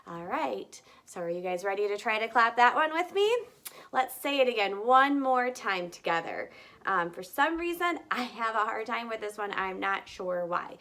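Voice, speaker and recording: A woman teacher giving an online phonics lesson to young children in a slow, sing-song, encouraging way, recorded on her device's camera mic. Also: fairly high pitch, lively intonation, a bit bright.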